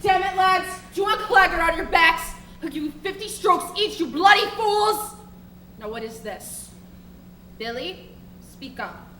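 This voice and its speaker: A woman playing a gruff male petty officer who barks threats at sailors in a live stage play. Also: extremely high pitch, lively intonation, measured pace, a bit bright, full character voice. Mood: angry. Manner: barking threats. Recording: roomy stage, distant mic, noise.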